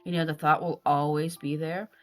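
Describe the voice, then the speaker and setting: Low-voiced woman, earnest podcast co-host. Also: little pitch movement, moderate pace, faint music behind. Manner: earnest, reflective, hesitant. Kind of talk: candid casual chat.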